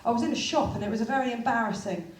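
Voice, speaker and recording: A woman's voice: fairly high pitch, racing, roomy sound. A woman in her thirties from England performing a chatty, self-deprecating stand-up comedy set on a venue stage. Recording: live theatre, far mic, crowd laughter.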